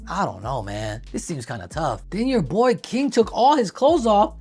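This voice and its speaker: Woman commentator, casual, sarcastic asides, lively swooping pitch, faint music behind. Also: a little slow, few pauses, husky. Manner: sarcastic asides, jokes while reading aloud. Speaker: online commentator. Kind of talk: casual commentary on a court document.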